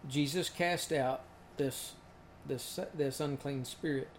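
A man's voice: mid-range voice, fairly even intonation, takes it slowly, a little hiss or hum. A man giving a reflective, conversational Bible teaching talk with occasional restarts. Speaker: preacher.

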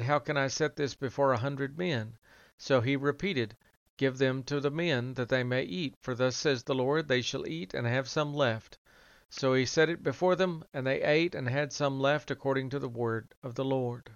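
A man giving a measured, even scripted reading of scripture, with little change of voice for the quoted speakers. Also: mid-range voice, clear, resonant tone, no echo, muffled recording. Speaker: reader.

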